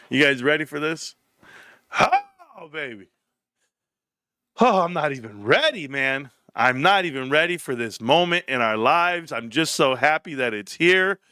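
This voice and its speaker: A man hosting a casual live stream. He talks in an excitable, animated way and swears often. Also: medium pitch, clear, resonant tone, no echo, clean studio sound. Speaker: livestream host. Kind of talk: casual livestream chat.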